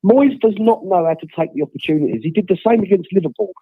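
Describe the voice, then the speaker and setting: A man's voice: high-pitched, lively intonation, fast, breathy edge, no room sound. An unwell man calling in by phone, ranting bluntly about his football team. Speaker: caller. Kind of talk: phone-in rant. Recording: tinny phone line.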